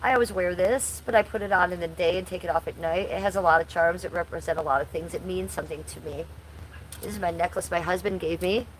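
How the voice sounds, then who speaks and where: Woman in her forties hosting a home livestream, slightly low voice, blunt and crude, faint background noise. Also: fast talker, low-quality recording. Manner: blunt, crude and chatty, reading chat aloud. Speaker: livestream host. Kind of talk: casual livestream chat.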